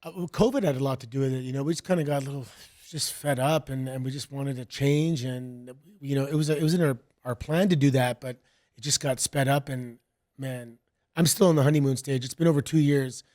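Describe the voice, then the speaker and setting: A middle-aged man from Canada, a guest chatting casually and telling rambling stories in a relaxed way. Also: mid-range voice, fairly quick. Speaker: guest, wrestler. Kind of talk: casual interview chat.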